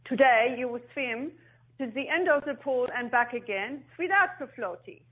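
A woman's voice: high-pitched, animated, unhurried, a bit bright, voice pushed up. A woman voicing her stern, towering Dutch father as he firmly coaches his little girl, in a muffled lo-fi recording. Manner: firm, commanding, insistent. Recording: muffled lo-fi sound.

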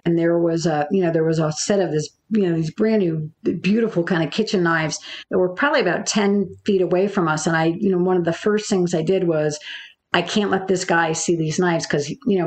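A woman, a business coach, telling an interviewer a personal story in a halting way, full of fillers and restarts. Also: on the low side, a little mellow.

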